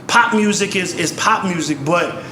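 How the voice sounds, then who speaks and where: A man from Virginia telling stories in casual chat, animated and acting out the people he quotes. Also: sits high, normal speed, reverberant, slight background noise. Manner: animated storyteller, acts out quotes. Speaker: guest rapper and songwriter.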